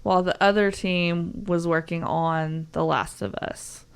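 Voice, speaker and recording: Giggly Southern woman, gravelly low voice. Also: steady tone, unhurried. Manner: chatty, giggly, rambling with fillers. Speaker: podcast co-host. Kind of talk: casual podcast chat.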